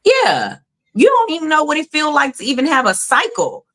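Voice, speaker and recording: On a casual video-call livestream, a co-host who is a mother in her thirties speaks candidly and emphatically, cursing a lot. Her high, slightly bright voice swoops wildly in pitch while keeping a normal speed.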